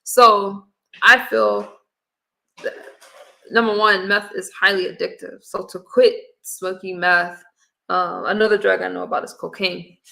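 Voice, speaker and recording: Woman on a livestream, kinda gravelly, bright voice, earnest and almost crying. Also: medium pitch, fairly even intonation, measured pace. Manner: earnest, talks straight to her chat. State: holding back tears. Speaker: livestream host. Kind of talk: emotional casual livestream talk.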